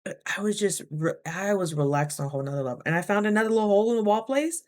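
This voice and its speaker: A young woman vlogging casually, chatty and animated, acting out her own thoughts in quick asides. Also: mid-range voice. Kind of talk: casual talking-to-camera vlog.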